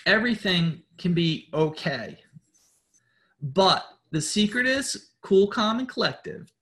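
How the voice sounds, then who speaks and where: A man's voice: sits high, animated, slow pace, a bit bright. Profane, preachy man. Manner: blunt and preachy, swears often; repeats words and restarts sentences. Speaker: host. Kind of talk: spiritual pep talk.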